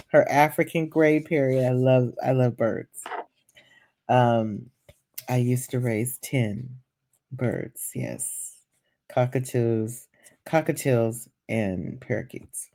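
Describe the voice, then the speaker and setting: A woman's voice: extremely low pitch, warm tone. A woman giving chatty, gossipy commentary in a home vlog at night, full of fillers and fond asides. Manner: chatty and gossipy, with many fillers and endearments like "child" and "baby". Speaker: vlogger.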